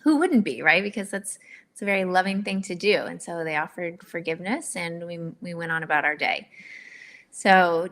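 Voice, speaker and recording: A middle-aged woman speaks as a guest in a relaxed interview. Her voice is bright and a little low-pitched, and she tells stories in an earnest, candid and animated way. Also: normal speed. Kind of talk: casual interview.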